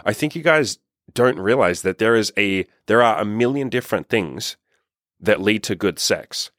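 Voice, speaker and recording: Low-voiced guy doing a dating coach rant, swears a lot, dead dry audio. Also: lively intonation, normal speed, a bit bright, no echo. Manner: blunt, profane, emphatic. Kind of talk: direct-to-camera advice monologue.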